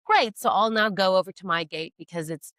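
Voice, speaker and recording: A woman's voice: mid-range voice, brisk, fairly bright tone, dry recording. A woman comedian, a podcast guest, telling a story in a casual chat, self-mocking and acting out what people said.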